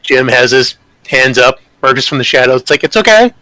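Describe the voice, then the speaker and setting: A man's voice: medium pitch, monotone, fairly quick, bright, forceful tone, no room sound, low-quality recording. A man playing a tabletop game, speaking politely and confidently in character. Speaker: player.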